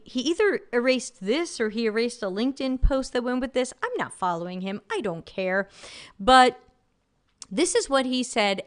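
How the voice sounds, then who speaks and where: A woman's voice: fairly high pitch, clear, resonant tone. A woman with a light New York accent hosting a live stream, reading out chat comments and giving blunt, sardonic commentary. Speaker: livestream host.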